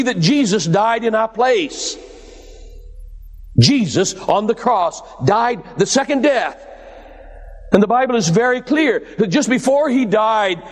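Guy preaching a sermon, goes way up and down dramatically, echoey hall sound. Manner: dramatic preaching, swings high and low, addresses listeners as "my dears". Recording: long hall reverb.

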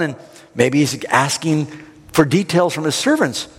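A man preacher giving a sermon, retelling the story in a dramatic, animated way. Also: fairly high pitch, normal speed, husky. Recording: long hall reverb.

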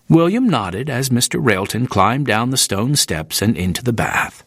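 A male audiobook narrator reading in a clear, steady storytelling manner. His intonation moves with animated ups and downs at a medium pitch. The studio sound is dry and close. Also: moderate pace, few pauses, dry recording.

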